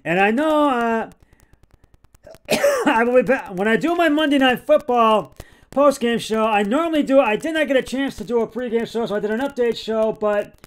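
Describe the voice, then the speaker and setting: A man with a high voice talks on his own sports podcast. He sounds frustrated, raises his voice into yelling at times, and stumbles through fillers and restarts as he runs through scores. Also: moderate pace. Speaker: podcast host. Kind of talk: solo sports podcast commentary.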